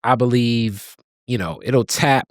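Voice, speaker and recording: Male host, easygoing chat, mid-pitched voice, dry close sound. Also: slow pace, no room sound. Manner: laid-back, conversational, with frequent asides. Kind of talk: casual conversation.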